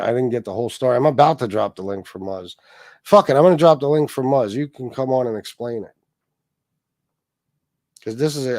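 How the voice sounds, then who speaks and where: A man's voice: mid-range voice, darkish tone, dry recording. A man hosting a livestream, talking bluntly and swearing often in casual chat. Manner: profane, blunt. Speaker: livestream host.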